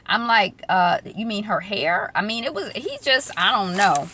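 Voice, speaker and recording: A woman's voice: mid-range voice, very animated, normal speed, few pauses, pushed and bright, husky. A young adult woman casually retelling a reality show episode, acting out quotes with lots of ums and asides. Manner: chatty, acts out quotes, many ums. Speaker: recap vlogger. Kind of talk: casual TV recap chat.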